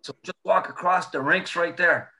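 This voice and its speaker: A man's voice: sits high, moderate pace, sharp tone. A man telling hockey road stories in casual chat, swearing often and laughing through them.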